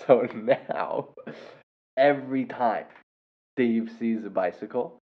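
A young man casually telling a funny story about a first grader, laughing often and breaking into loud impressions. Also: medium pitch, takes it slowly, long pauses. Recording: dull lo-fi sound.

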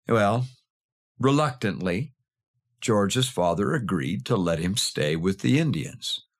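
A man host narrating a true story in a measured, expressive storytelling style. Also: mid-range voice.

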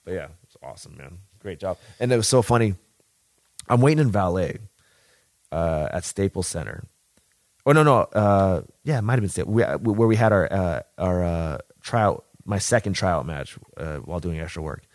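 A man's voice: low voice, normal speed. A man in his thirties on a podcast, casually telling long stories, swearing freely and acting out what other people said. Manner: animated, profane storytelling, acts out other people's lines. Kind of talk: casual chat.

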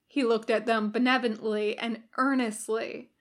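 A woman reading fan fiction aloud as a podfic narrator, in an even storytelling manner. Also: a little high, normal speed, few pauses. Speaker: podfic reader.

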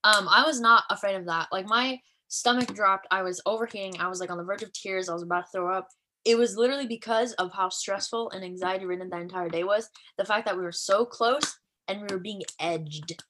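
Bright-voiced young woman telling a story. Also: a little fast, low-quality recording. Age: 20s. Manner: animated, acts out quotes in high voices. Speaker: podcast co-host. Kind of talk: casual storytelling chat.

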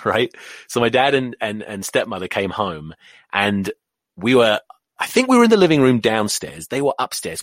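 A man's voice: lowish voice, no echo. English guy in his 30s doing a sweary rambling podcast rant, voice all over the place, dry close sound. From England. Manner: animated, sweary, rambling off on tangents. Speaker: podcast host. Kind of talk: casual rugby rant.

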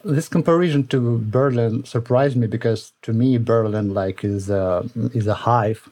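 A man of middle pitch hosts a relaxed tech podcast. He leads the talk in a friendly way, laughs easily and fills his pauses with "uh". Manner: friendly, laughing, lots of "uh" fillers. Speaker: podcast host. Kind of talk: casual chat.

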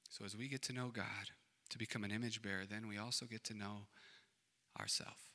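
Bright-voiced preacher in a reverberant hall. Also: male voice, on the low side, steady tone, fairly quick. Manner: dynamic, swinging from loud emphatic to hushed. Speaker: pastor. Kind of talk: sermon. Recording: long reverb of a large hall.

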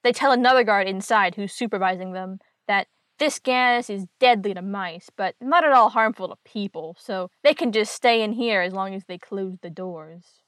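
A woman's voice: mid-range voice, normal speed, fairly bright tone, no echo. A woman host casually recapping an old comic book story with wry, chatty asides.

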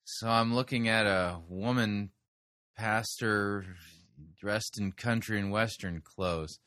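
A man's voice: on the low side, slow pace, a bit bright, no room sound. A man hosting a sermon review, adding dry, sarcastic commentary between clips.

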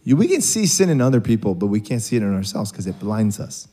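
A man's voice: lowish voice, big pitch swings, fast talker, mellow. Conversational, joking male preacher. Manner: conversational, joking, acts out dialogue. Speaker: pastor. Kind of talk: sermon.

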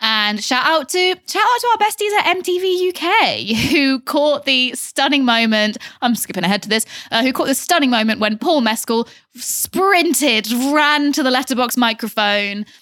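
A young woman reporting on a film podcast, chatting in a rambling, animated way with plenty of asides. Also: high-pitched, moderate pace, no echo, clean studio sound. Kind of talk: casual podcast chat.

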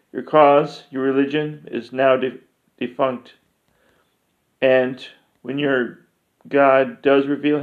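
A man voicing a calm, solemn male pilgrim who speaks in measured, grave pronouncements. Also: mid-range voice, natural voice. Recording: dull lo-fi recording.

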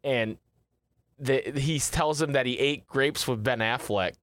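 A man co-hosting a podcast, talking in a loose, excited way and dropping swear words. His voice sits in an ordinary middle range. The close mic gives a dry sound with no room in it. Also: unhurried, dry recording. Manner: excited, swearing, acts out lines in a high put-on accent. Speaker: podcast co-host. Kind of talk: casual chat.

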